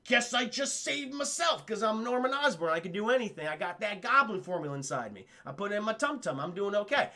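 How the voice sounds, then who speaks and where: A self-satisfied cartoon tycoon brags about himself in a slightly raised voice, as a man puts him on. The sound is bright, with a gravelly edge. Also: high voice, sing-song, brisk, hardly any pauses, full character voice. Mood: smug. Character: smug rich male cartoon businessman.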